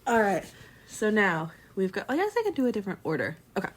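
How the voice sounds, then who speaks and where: A woman's voice: mid-range voice, wildly swooping pitch, quick pace. A woman co-hosting a podcast in casual chat, rambling with many fillers and restarts. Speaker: podcast co-host.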